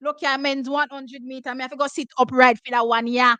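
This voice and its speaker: Hoarse, excitable Jamaican woman, high bright voice. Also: brisk, no echo, muffled recording. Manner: excitable, loud exclamations, switching between patois and English. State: hoarse, losing her voice. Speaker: track and field watch-party host. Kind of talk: live race reaction commentary.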